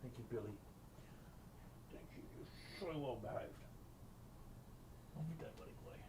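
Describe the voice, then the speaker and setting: A man's voice: medium pitch, lively intonation, moderate pace, heavy background noise. A young adult man, chatting casually to his stream audience and cooing at his cat. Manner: affectionate baby talk to his cat. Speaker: game streamer.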